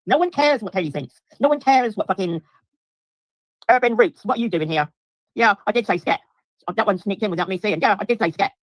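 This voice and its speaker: A middle-aged woman rants angrily on a livestream, swearing heavily, repeating herself, and speaking directly to her chat viewers. Her voice sits in the mid range, and the sound is dry and close with no echo.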